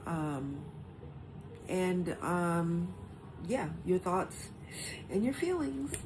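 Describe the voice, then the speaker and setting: A woman's voice: fairly low pitch, big pitch swings, extremely slow, noisy background. A woman hosting a casual live stream, chatty and reassuring toward her guests. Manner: reassuring, chatty, reads stats aloud.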